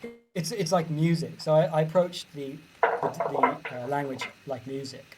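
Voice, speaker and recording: A man's voice: fairly high pitch, normal speed, loud music behind the voice, rough recording. A middle-aged British man answering interview questions as an author, musing and enthusiastic about how language sounds, on a video call. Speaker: author guest.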